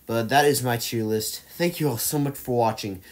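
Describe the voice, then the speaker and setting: A man casually ranking movies on his own channel, rambling with lots of fillers and restarts, getting louder and softer as his enthusiasm rises and fades. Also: medium pitch, normal speed. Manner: enthusiastic, swings loud and soft. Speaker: movie reviewer ranking films. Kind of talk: casual rambling tier-list vlog.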